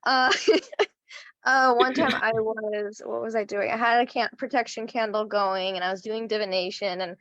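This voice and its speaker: A woman with a slightly high voice tells a story in a halting way with laughs. Her video-call audio is dull and dry, with no room sound. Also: fairly even intonation, a bit bright, dry recording. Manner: laughing, halting, acts out her own reactions. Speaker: group member. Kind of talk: casual storytelling chat.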